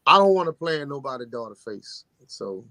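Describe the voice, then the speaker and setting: A man co-hosting a casual chat show, tired and talking in a low-key monotone. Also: brisk, no room sound. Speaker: podcast co-host.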